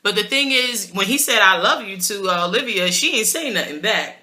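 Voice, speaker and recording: A woman with a New York accent hosts a casual TV recap, speaking in a mid-range voice at a slightly quick clip. She's opinionated and full of slang, animated and laughing as she goes.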